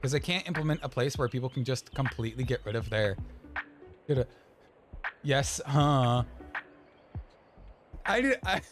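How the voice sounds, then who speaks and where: A man's voice: medium pitch, expressive, moderate pace, long pauses. A young man casually commentating a game on stream, chatty and rambling, with game music behind.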